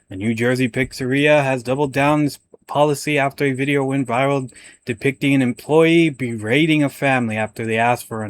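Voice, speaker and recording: Casting: young male commentary host, chatty and rambling, stumbles over words, mid-pitched voice. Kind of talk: casual reaction commentary.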